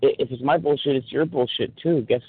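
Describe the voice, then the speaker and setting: A man's voice: mid-range voice, brisk, gravelly, slightly rough, no echo. A man ranting angrily on a call, swearing heavily as he defends himself. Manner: angry ranting, heavy swearing. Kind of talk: heated phone chat. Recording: tinny dry phone line.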